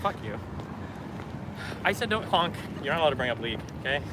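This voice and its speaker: A man live-streaming outdoors on a city street, ribbing his companion in fast, sarcastic, profane banter. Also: medium pitch, big pitch swings. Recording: loud street traffic noise.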